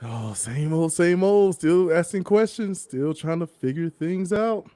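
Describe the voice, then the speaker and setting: Laid-back mellow-voiced male podcast host. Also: a little high, animated, measured pace. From Southern US. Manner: laid-back, chatty, laughs easily. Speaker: show host. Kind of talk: casual podcast chat.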